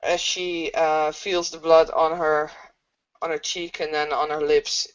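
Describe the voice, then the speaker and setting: A woman playing a tabletop game, describing her character's actions in a halting, hesitant way, on a dull lo-fi recording. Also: low-pitched, flat delivery. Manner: hesitant, halting narration with fillers. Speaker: player.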